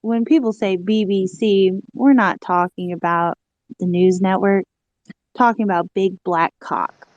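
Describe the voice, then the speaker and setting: A woman's voice: medium pitch, steady tone, unhurried, no echo, lo-fi sound. An American woman teasing and egging others on in a casual group chat.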